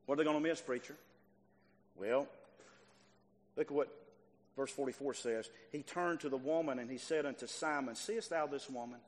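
A man preaching a sermon, emphatic and repetitive, swinging from quiet stretches to loud bursts. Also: medium pitch, normal speed, pauses often. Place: church sanctuary. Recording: long reverb of a hall.

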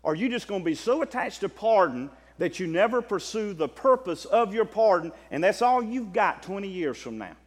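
A Southern American preacher delivers a sermon in a high voice, swinging between loud stretched-out proclamations and hushed rapid asides. His voice carries a long reverb, as though filling a large hall. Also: big pitch swings. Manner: impassioned, swings from loud drawn-out declarations to quiet fast asides.

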